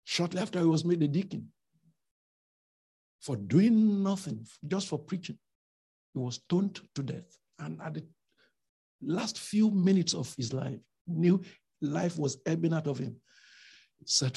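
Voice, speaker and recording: A man preaching a sermon with emphatic rhetorical questions, swinging between loud and soft delivery. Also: a little high, animated, a little slow, creaky, pauses often, slightly rough.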